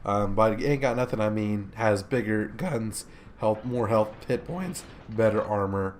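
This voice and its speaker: A man's voice: fairly low pitch, unhurried, a little hiss or hum. A man casually commentating a warship game replay, joking and chatty with many fillers, sleepy from recording in the morning. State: sleepy, yawning. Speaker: gameplay commentator.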